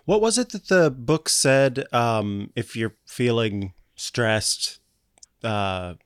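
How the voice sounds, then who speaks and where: Guy at a tabletop game thinking out loud, casual, dry sound no room. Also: mid-range voice, slow pace, clear, resonant tone, dry recording. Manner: relaxed, chatty, thinking aloud. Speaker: player.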